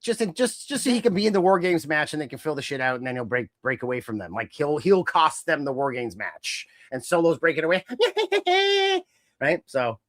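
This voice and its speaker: A fairly high-voiced man co-hosting a casual wrestling podcast, bouncing into mimicked voices as he retells scenes. The sound is dry and close, with no room around it. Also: brisk, hardly any pauses, dry recording. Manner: animated, acts out wrestlers' lines in mimicking voices. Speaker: podcast co-host.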